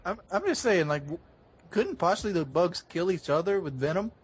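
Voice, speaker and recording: A man's voice: high voice, lively intonation, fairly quick, slightly rough. A man joining a podcast's casual chat, blunt and joking, swearing casually.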